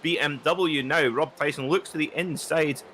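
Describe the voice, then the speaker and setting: A man co-commentating a sim race, relaxed and chatty, telling anecdotes between the action. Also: fairly high pitch, normal speed, a little hiss or hum. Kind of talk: live sim racing commentary.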